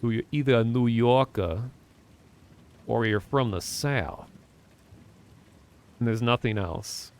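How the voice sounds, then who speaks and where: A man's voice: medium pitch, takes it slowly, long pauses, a little mellow. A man from Minnesota chatting in a rambling, casual way to his viewers while he plays a game. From Minnesota, USA. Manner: rambling, chatty, talks to chat. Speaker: livestreamer. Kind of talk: casual chat while playing games.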